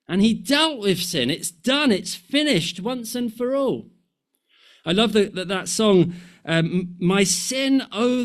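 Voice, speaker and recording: A male preacher delivers a sermon in an unhurried, deliberate way. His voice sits high for a man. He speaks earnestly and presses his points with stacked, repeated phrases. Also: fairly bright tone.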